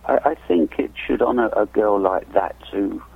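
A man from the United Kingdom calling in to read a poem and chat, soft-spoken and hesitant. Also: on the low side, lively intonation, normal speed, vocal fry, slightly rough. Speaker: caller reading a poem. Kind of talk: poetry reading and chat. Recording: tinny phone line.

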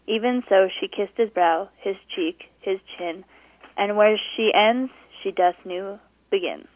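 A woman's voice: medium pitch, unhurried, no room sound. Female caller over a thin phone line; bubbly, giggly, reads verse aloud. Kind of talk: phone-in poetry reading. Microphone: telephone.

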